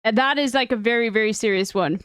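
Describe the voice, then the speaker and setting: Smooth-voiced woman chatting on stream. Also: a little high, fast, a bit bright, dry recording, studio quality. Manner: rambling, emphatic, profane. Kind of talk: casual stream chat.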